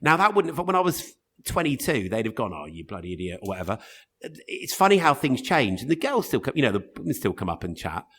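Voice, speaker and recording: A man in his fifties chats as an interview guest, telling stories quickly and animatedly. His pitch leaps up and down as he restarts sentences and piles up asides. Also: sing-song, fairly bright tone, slightly rough. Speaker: radio presenter, guest. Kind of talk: casual interview chat.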